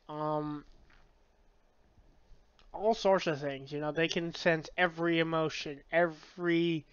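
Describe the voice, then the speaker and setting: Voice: mid-range voice, clear, resonant tone, no echo, highs cut off. A book reviewer in a casual review, rambling with many fillers and frequent swearing. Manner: rambling, filler-heavy, profane.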